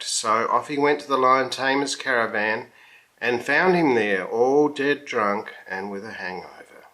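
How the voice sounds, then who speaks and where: A man reading a children's story aloud in a slow, expressive storybook manner. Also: mid-range voice.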